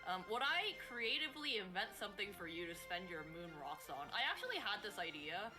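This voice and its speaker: A woman's voice: mid-range voice, sing-song, a little fast, rough recording. Chatty woman with music behind her. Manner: chatty, jokey. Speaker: stream co-host and game master. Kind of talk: casual chat.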